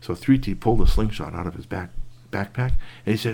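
A man telling a bedtime story to a child, animated, with sound effects and asides to the listener. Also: fairly low pitch, brisk, gravelly, slightly rough.

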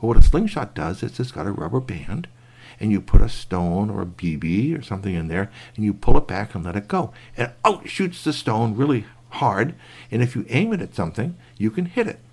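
A man telling a bedtime story to a child, animated, with sound effects and asides to the listener. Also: on the low side, brisk, slightly rough.

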